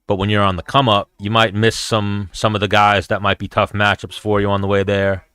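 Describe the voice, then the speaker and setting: A man's voice: fairly low pitch, completely flat delivery, brisk, a bit bright, smooth, dry recording, studio quality. A man hosting his show, chatting casually and profanely as he reacts and tells stories. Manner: profane, storytelling. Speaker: show host.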